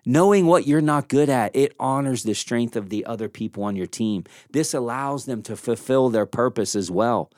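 A man hosting a leadership podcast, talking into a studio microphone in a small room. His voice sits at an ordinary middle pitch and sounds close and dry, with almost no room echo. He tells stories in a lively, self-deprecating way and acts out the dialogue he quotes. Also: normal speed, hardly any pauses. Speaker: podcast host.

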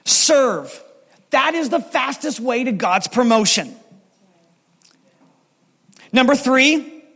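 A man delivers a sermon as lead pastor, his voice high for a man. He tells stories with animated energy. The sound carries a long reverb, as in a church hall. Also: slow, gravelly, pauses often. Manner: animated, storytelling with acted quotes.

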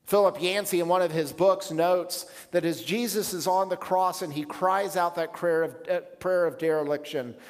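Reflective male pastor in echoing hall. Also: high voice. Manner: measured, reflective preaching with pauses. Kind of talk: sermon.

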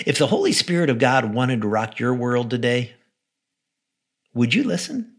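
A male pastor tells a story in an animated, conversational preaching style. His voice sits at a middle pitch. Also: breathy edge. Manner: soft, prayerful close. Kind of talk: devotional podcast sermon.

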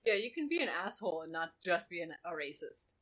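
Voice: mid-range voice, very animated, fairly quick, a bit bright, poor audio. A podcast co-host in a casual discussion, talking in a loose, hesitant way with many fillers.

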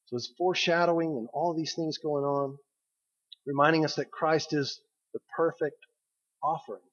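A man's voice: a little high, fairly even intonation, a bit bright. Man preaching on a dull lo-fi recording. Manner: conversational, emphatic preaching with slow pauses. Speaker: pastor. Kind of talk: sermon.

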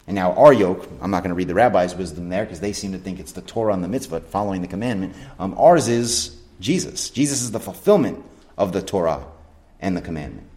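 A male pastor preaching a sermon in a church, earnest, leaning on slow emphatic phrases and sometimes stumbling and correcting himself. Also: sits low, animated, darkish tone. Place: church sanctuary.

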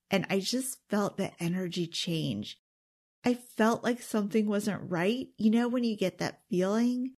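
Woman, self-help talker, earnest and confiding, mid-pitched voice, slips into whispers at times. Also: a little mellow. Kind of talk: confiding direct-to-camera talk.

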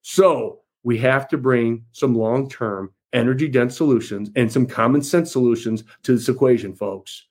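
A man's voice: medium pitch, moderate pace, hardly any pauses, a little mellow. A man giving an emphatic campaign speech, repeating his points and addressing listeners as folks. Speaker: political candidate.

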